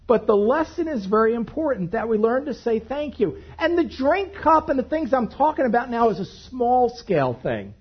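A male pastor preaching with a lively, swooping delivery that rises and falls as he tells a story. His voice is a little husky, and the recording sounds dull and lo-fi. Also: very high voice, moderate pace, hardly any pauses. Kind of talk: sermon.

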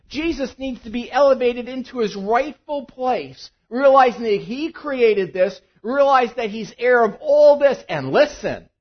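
A male pastor preaching a sermon, swinging between loud emphatic bursts and quiet asides. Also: very high voice, husky, dull audio. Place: church.

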